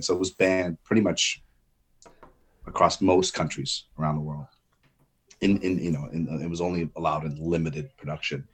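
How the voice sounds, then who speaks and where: A man with a very deep, husky voice talks loosely as a podcast co-host. He rambles in a relaxed way, circling back with fillers and restarts as he thinks aloud. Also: normal speed. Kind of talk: casual chat.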